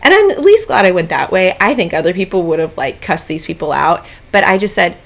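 A woman's voice: fairly low pitch, a little fast, creaky, hardly any pauses. A woman, telling a travel story in a casual podcast chat and often calling her listeners y'all. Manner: chatty, animated, addresses listeners as y'all. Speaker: podcast co-host.

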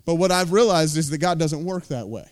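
American man, pastor, intense emphatic sermon, high lively pitch. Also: fairly quick. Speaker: lead pastor.

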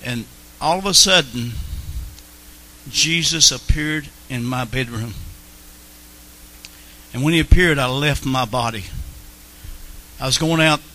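A man's voice: mid-range voice, slow pace, pauses often, bright, forceful tone, low-quality recording. A man telling his personal faith testimony in an earnest way, repeating phrases for emphasis. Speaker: Christian testimony speaker.

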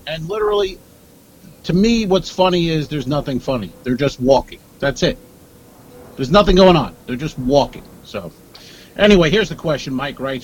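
A man's voice: fairly high pitch, expressive, moderate pace, slight background noise, rough recording. A man co-hosting a comedy podcast, telling stories in a dry, rambling way with lots of asides. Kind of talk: casual comedic chat. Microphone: earpiece at a desk.

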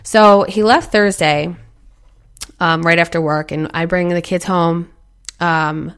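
A woman's voice: fairly low pitch, steady tone, takes it slowly, clear, resonant tone. A woman in her thirties hosting a casual motivational talk, chatty and earnest, acting out inner voices as she goes. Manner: earnest, encouraging.

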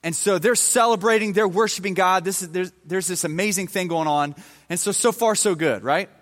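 A man's voice: high voice, fairly quick, fairly bright tone. A man preaching a sermon, retelling a Bible story in a casual, conversational way with everyday slang. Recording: long hall reverb.

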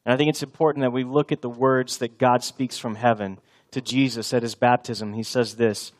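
A man's voice: mid-range voice, flat delivery, moderate pace. Earnest man in his thirties preaching. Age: 30s. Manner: earnest, repeats key lines for emphasis, drops soft for tender passages. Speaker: pastor. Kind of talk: sermon.

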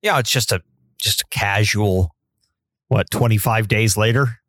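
A man's voice: fairly low pitch, unhurried, fairly bright tone, dry recording, clean studio sound. A man co-hosting a podcast, chatting casually and cutting in with jokes about himself. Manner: jokey, self-mocking, cuts in with quips. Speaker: podcast co-host. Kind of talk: casual chat.

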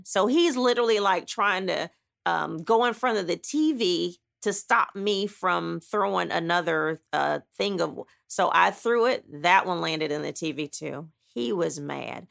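A woman with a deeply gravelly, fry-heavy voice tells her own story as an author. She is blunt and emphatic, dramatizing each step with frequent asides. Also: fairly bright tone. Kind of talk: animated personal storytelling.

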